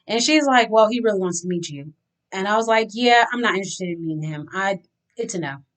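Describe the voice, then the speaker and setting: A woman's voice: on the high side, brisk. Chatty woman telling a personal story. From Louisiana. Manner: chatty, animated retelling with acted-out dialogue. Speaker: vlogger. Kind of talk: candid storytelling to camera.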